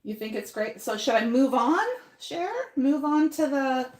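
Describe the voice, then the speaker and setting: A woman's voice: high-pitched, a little slow, darkish tone, roomy sound. A woman hosting a live paint-along. She chats with her viewers, thinks aloud and laughs often while she works. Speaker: painting host.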